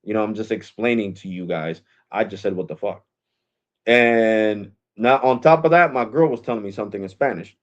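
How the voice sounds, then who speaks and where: A man casually telling a story to his live stream audience, animated and profane, acting out other people's lines in quotes. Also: on the low side, fairly quick, hardly any pauses, lo-fi sound. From Puerto Rico. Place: at home.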